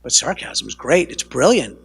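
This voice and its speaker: Husky-voiced man lecturing conversationally. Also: medium pitch, very animated, moderate pace, fairly bright tone. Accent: American. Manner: conversational teacher, frequent "right?" checks and self-corrections. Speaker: counselor teaching a family training session. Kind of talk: lecture to a live audience.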